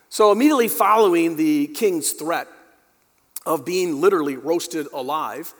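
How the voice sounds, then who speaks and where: A male pastor delivering a dynamic sermon, addressing the congregation directly and swinging from quiet, low passages to emphatic peaks. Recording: long hall reverb.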